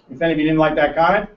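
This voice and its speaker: A man giving a brash, joking financial seminar to a room, teasing the audience as he talks. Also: fairly high pitch. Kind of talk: lively seminar talk to a room. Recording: roomy, distant, muffled room recording.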